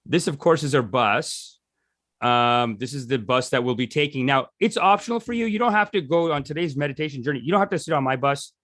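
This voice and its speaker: A man's voice: medium pitch, animated, fairly quick, a bit bright, no echo, studio quality. Rambling, jokey male meditation teacher. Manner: rambling and jokey, restarting sentences. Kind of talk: casual teaching talk.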